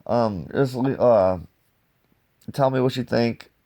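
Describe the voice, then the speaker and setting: A man casually reviewing comic books in a loose, slangy, excitable way. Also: mid-range voice, slow.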